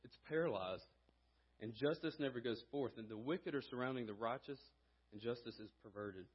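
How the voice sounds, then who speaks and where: A man preaching a sermon in a church, earnest, growing louder as he exhorts. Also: medium pitch, normal speed, slightly rough, lo-fi sound. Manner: earnest, rising in volume when reading and exhorting. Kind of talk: sermon with scripture reading and prayer. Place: church sanctuary.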